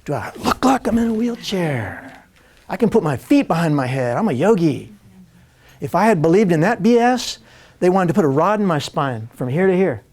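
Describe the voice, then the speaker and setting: A man telling a personal story to a live audience, animated and laughing, acting out other people's lines as he goes. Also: high voice, moderate pace. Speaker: spiritual speaker.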